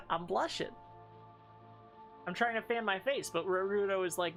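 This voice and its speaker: A woman's voice: mid-range voice, moderate pace, long pauses, fairly bright tone, soft background music. A woman streaming a game and chatting casually with her chat. She thinks aloud and swears often. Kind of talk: casual live game commentary.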